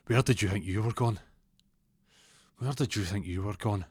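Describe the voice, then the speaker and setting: A man's voice: on the low side, moderate pace, a little mellow, breathy edge, dry recording. A man voicing a menacing, boastful gangster. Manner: threatening, boastful. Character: menacing male Glasgow gangster with a knife.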